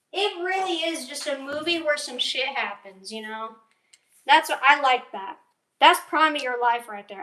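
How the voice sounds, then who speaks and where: A young woman with a high voice chats on a casual livestream. She rambles and mutters to herself while she cooks and eats, swearing offhand. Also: fairly bright tone, echoey room, distant mic. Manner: rambling, talks to herself while cooking and eating. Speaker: streamer.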